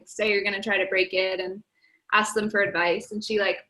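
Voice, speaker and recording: A woman's voice: mid-range voice, little pitch movement, fairly quick, pushed and bright, poor audio. A young woman in her twenties, telling her hiking story in a casual, chatty way with frequent laughs and fillers. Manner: chatty, laughing often, lots of "like". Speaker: podcast guest, record-setting hiker. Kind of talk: casual podcast interview.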